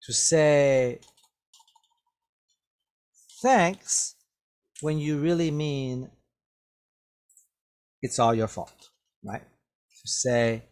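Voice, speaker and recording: A man teaching an English vocabulary lesson, explaining words slowly and checking in with "okay?" after almost every phrase. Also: medium pitch, darkish tone. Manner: repetitive, drawn-out explanations with many "okay?" checks. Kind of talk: slow classroom vocabulary lesson.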